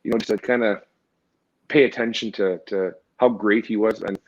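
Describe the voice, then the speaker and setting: A man who is a former pro hockey goalie, telling rambling, animated stories with many restarts in a casual interview. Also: lowish voice, moderate pace. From Canada. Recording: dull lo-fi audio.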